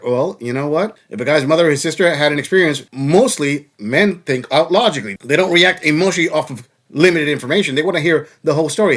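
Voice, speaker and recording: A man's voice: a little high, expressive, fast, fairly bright tone. A man hosting a reaction commentary, lecturing bluntly and mocking the clips he plays. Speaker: commentary channel host.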